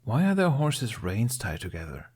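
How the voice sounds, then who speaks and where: A man's voice: mid-range voice, big pitch swings, normal speed, darkish tone, breathy edge. A man voicing a mischievous, teasing young trickster who smirks and quips. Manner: playful, smirking.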